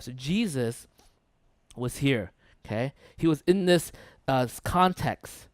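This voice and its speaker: A man's voice: mid-range voice, lively intonation, measured pace, no echo. A man preaching a sermon as pastor, talking conversationally, often checking in with "right?" and "okay?" and repeating words for emphasis.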